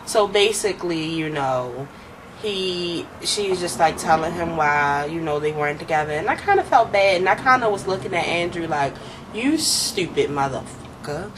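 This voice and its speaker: A woman's voice: lowish voice, normal speed, background noise. A woman casually recapping a TV drama episode with a co-host, swearing and acting out the characters' lines.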